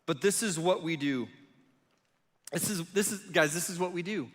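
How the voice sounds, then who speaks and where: A man's voice: on the high side, moderate pace. A man in his thirties, a student pastor giving a youth sermon in a conversational, storytelling way. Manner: storytelling, conversational, self-deprecating. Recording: long reverb of a large hall.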